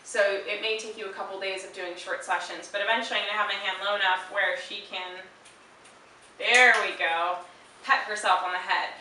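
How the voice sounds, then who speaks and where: Bright-voiced woman dog trainer, echoey room. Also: normal speed. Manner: calm explaining, with brief high-pitched praise to the dog. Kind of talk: instructional demonstration. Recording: very echoey room, mic far off, faint hiss.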